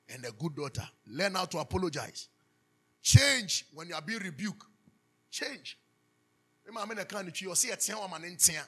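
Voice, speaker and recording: A man preaching a sermon as pastor, animated, asking the congregation to finish his sentences. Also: high-pitched, normal speed, slightly rough. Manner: animated preaching with call-and-response questions.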